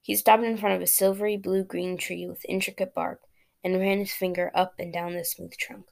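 A woman reading a fairy tale aloud as a storyteller, plain and steady, with small slips and restarts. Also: medium pitch, normal speed, gravelly.

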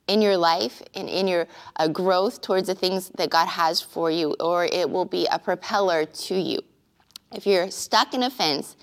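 A woman pastor giving an earnest, conversational sermon-style teaching with occasional filler pauses. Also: medium pitch.

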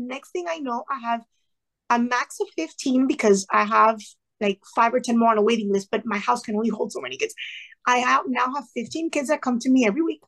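Woman guest, fairly high voice, animated storyteller who plays out conversations and slips in bits of Spanish. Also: a little fast. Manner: lively, acts out dialogue in her stories; sprinkles in Spanish phrases. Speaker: podcast guest, retired teacher. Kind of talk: casual storytelling interview.

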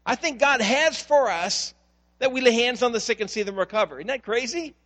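A man's voice: very high voice, fairly quick, sharp tone. A male pastor preaching a sermon in a church, speaking earnestly and putting questions straight to the congregation.

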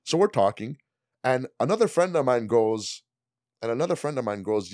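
A man tells rowdy stories at a rapid clip. His pitch swings widely as he acts out the people he quotes. The sound is dry and close. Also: no room sound. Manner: animated storyteller, swearing, acting out quotes. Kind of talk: casual chat.

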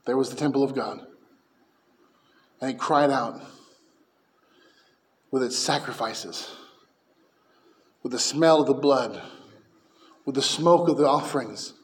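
A man preaching a sermon as pastor, fervent and emphatic, dropping to hushed lines and rising to loud peaks. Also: on the high side.

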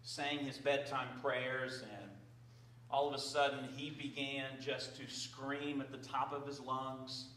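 A man's voice: mid-range voice, flat delivery, slow, pushed and bright. A man preaching a sermon as pastor, praying and then talking conversationally with fillers. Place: church sanctuary. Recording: roomy, distant from the mic.

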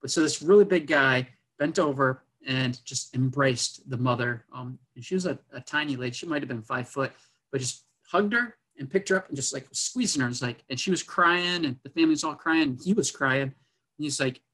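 A man's voice: medium pitch, fairly quick, fairly bright tone, husky, poor audio. Earnest man telling a personal story. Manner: earnest, with many fillers and quoted dialogue. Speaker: military officer guest. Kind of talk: personal storytelling in a podcast conversation.

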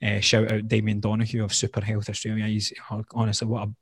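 A man's voice: fairly low pitch, monotone, fast, breathy edge, no echo, studio quality. A man in his thirties, a health coach, telling his story in conversation, earnest and open, with frequent "like" fillers. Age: 30s.

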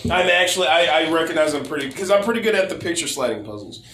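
A man in casual chat, rambling with many stammered restarts and a lot of swearing, his voice going hoarse. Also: on the high side, lively intonation, quick pace, bright, forceful tone. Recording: roomy echo.

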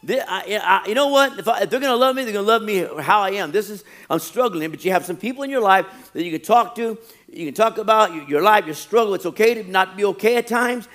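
A male pastor preaching a sermon, animated, often acting out quoted churchgoers. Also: high-pitched, quick pace.

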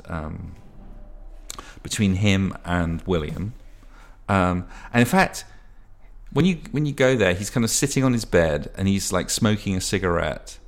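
Deep-voiced man narrating a tabletop game. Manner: rambling, self-correcting. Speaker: game master.

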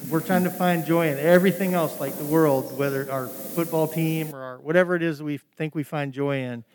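A man in a group discussion adding an earnest, halting comment. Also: fairly high pitch, steady tone, a little mellow, in a large hall, slight background noise. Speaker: group participant.

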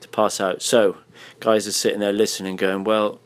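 A man's voice: on the low side, level tone, moderate pace. A man hosting a casual interview, blunt and swearing freely, his voice tired. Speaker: podcast host. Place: hotel room.

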